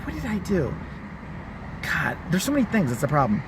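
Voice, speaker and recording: A male vlogger in full rant, swearing freely and mocking everyone in sight. His pitch swings wildly from high yelps to low mutters. A faint hiss of background noise runs under the voice. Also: normal speed. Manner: profane, animated, mocking. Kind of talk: ranting commentary.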